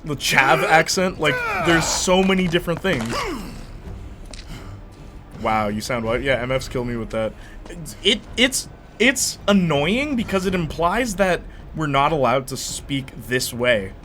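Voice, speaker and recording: A young man chatting casually while streaming a game, telling stories in an animated way with lots of fillers. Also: on the high side, measured pace, a little hiss or hum. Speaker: gaming streamer.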